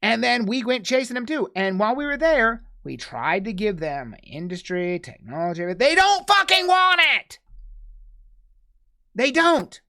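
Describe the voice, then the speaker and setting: A heated American streamer, voiced by someone the card reads as a woman, rants into a desk mic in a middle-pitched voice. The talk is profane and casual, with sudden loud outbursts and low grumbling asides. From United States. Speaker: streamer reacting to a video. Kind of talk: angry casual rant. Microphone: desk microphone.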